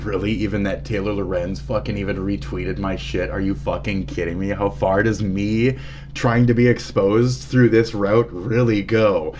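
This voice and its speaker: A man's voice: lowish voice, steady tone, normal speed, darkish tone, a little hiss or hum. A man streaming live, talking casually, swearing a lot and ranting angrily with sudden shifts. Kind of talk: casual livestream commentary.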